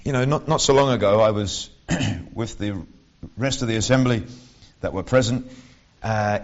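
A man preaching a sermon in a conversational way, with wry asides and frequent restarts. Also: mid-range voice. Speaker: lay preacher. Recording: dull lo-fi recording.

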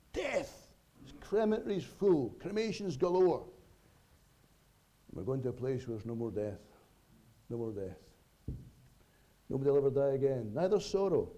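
A man preaching a sermon, his voice very dark and mellow at an ordinary pitch. He speaks earnestly, pausing for effect and letting his volume rise and fall sharply. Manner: earnest, with dramatic pauses and sudden swells and drops in volume.

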